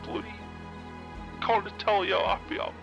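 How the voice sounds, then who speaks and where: Excited man over dull audio. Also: high-pitched, moderate pace, creaky. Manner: excited, emphatic, swears often. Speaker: roleplay player. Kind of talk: in-character phone call. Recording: dull lo-fi phone-style audio with music.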